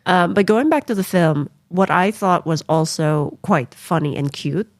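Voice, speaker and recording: A woman co-hosting a podcast in a casual chat, sincere and quick to giggle. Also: lowish voice, dry recording, studio quality. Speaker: podcast co-host.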